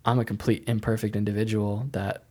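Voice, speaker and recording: A man's voice: fairly low pitch, little pitch movement, fairly quick, a little mellow. A young man telling a personal faith testimony in a casual, rambling way, full of "like" and restarts. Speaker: speaker sharing a faith testimony.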